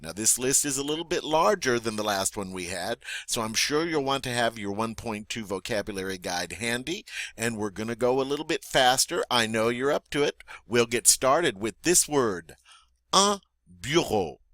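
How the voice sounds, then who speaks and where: A man teaching French vocabulary, modeling each word slowly and deliberately, then pausing for the listener to repeat, in a friendly, encouraging teacher's tone. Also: mid-range voice, animated, fairly bright tone, dry recording. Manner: slow, deliberate model pronunciation with pauses for repeating. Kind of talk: vocabulary lesson for learners.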